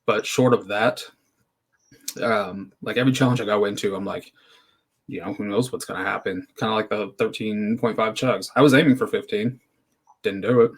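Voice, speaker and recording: A man's voice: lowish voice, steady tone, moderate pace. A man as an interview guest, easygoing and hesitant, with many ums and you-knows. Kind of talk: casual interview chat.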